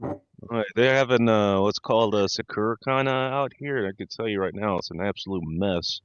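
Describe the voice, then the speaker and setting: A man's voice: on the low side, brisk, clean tone, dull audio. A man joining as a guest, making wry, sarcastic remarks about his work night. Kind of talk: casual chat.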